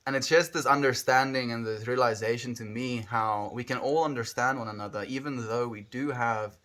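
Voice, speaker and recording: Man, South African accent, mid-pitched voice, casual livestream chat, rambling, thinking aloud. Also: steady tone, a little fast, a bit bright.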